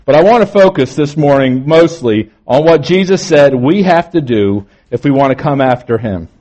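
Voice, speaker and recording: A male pastor delivers a morning sermon, his voice pitched a little high with lively intonation. He shifts between emphatic lines and softer, stretched-out phrases.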